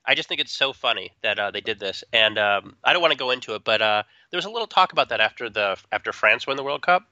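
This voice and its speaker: A man co-hosting a tech podcast, chatting in an animated, joking way with quick asides. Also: mid-range voice, no room sound. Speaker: podcast co-host. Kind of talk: casual opinionated chat. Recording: dull dry close-mic sound.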